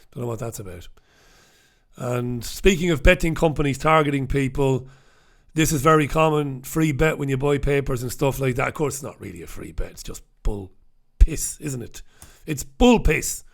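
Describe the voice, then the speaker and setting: A radio host from the north of England, ranting bluntly and swearing through a newspaper review, close to the microphone. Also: male voice, mid-range voice, normal speed. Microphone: talking close into two microphones.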